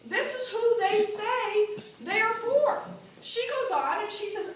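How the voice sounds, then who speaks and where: A woman giving an animated political speech at a party meeting, asking the audience questions as she goes. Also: very high-pitched, takes it slowly, slight background noise. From New Mexico. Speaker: political speaker. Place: meeting hall. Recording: echoey room from a distance.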